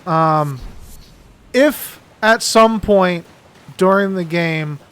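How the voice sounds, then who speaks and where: A man's voice: sits high, extremely slow, a bit bright, clean tone. A man hosting a gaming channel, chatting casually and laughing often as he rambles through a story. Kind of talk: casual chat while gaming.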